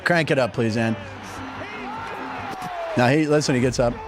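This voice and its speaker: A man's voice: mid-range voice, moderate pace, music in the background, a crowd in the background. A middle-aged man hosting a sports show, telling stories in a chatty, joking way. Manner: chatty, jokey, animated storytelling. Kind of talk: casual sports talk.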